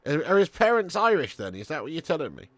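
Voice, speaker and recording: A man's voice: a little high, wildly swooping pitch, fast, no room sound. Sweary man hosting a football stream. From Birmingham area, England. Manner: sweary, banter-heavy, talks straight to viewers. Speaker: live stream host. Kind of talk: football watch-along chat.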